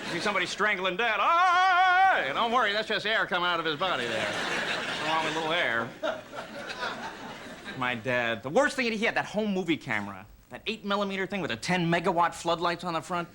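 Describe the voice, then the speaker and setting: A man with a high, light voice works through a stand-up routine on a TV studio stage. His delivery is dry and deadpan, and it jumps to shrill yelps whenever he acts out a scene. There is a steady hiss of noise under the studio audio. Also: brisk. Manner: deadpan delivery with sudden shrill outbursts when acting out scenes. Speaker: stand-up comedian. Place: TV studio stage before a live audience.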